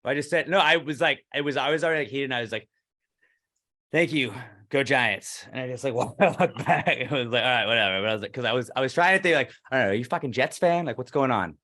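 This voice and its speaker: A man's voice: mid-range voice, fast talker, pushed and bright. A man co-hosting a podcast, telling a story in casual chat, acting out the other people's lines and swearing freely. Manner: ranting, acts out quoted dialogue, swears freely. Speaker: podcast co-host.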